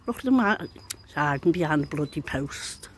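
A middle-aged woman filming a casual vlog outdoors in her back garden on a phone, chatty and excited as she calls to a bird. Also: low voice, moderate pace, a little hiss or hum. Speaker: vlogger.

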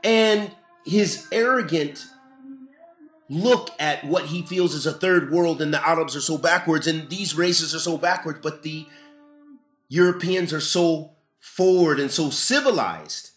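Male lecturer teaching a religious lesson; higher-pitched, emphatic delivery, recorded in an echoey room. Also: a little slow, fairly bright tone. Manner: earnest, emphatic, reads and explains text. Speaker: Islamic lecturer.

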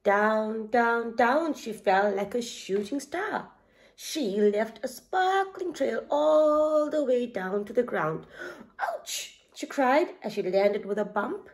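A woman's voice: on the high side, animated, slow. A woman who works as a preschool teacher, reading a picture book aloud expressively and asking young listeners questions. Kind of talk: children's story reading.

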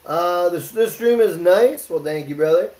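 A man's voice: high-pitched, lively intonation, normal speed, a little mellow, reverberant, poor audio. A man hosting a casual cooking livestream from his home kitchen, joking loosely, swearing freely and talking to his chat as he cooks. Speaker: livestream host.

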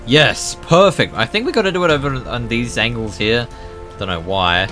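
A young man hosting a gaming channel, giving jokey, excitable commentary that bursts into loud yelps. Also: mid-range voice, moderate pace, faint music behind. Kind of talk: gameplay commentary.

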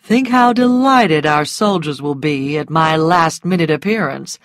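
A woman voicing a self-assured, mocking grown man in a storybook reading, speaking calmly in a low, quiet murmur. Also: unhurried, no echo, clean studio sound. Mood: teasing. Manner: calm, low and teasing, dropping to a murmur.

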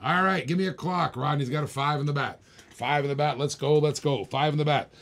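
A man's voice: a little high, fairly quick, fairly bright tone. A man hosting a live stream auction of toy cars, calling bids over and over in a hyped, repetitive way.

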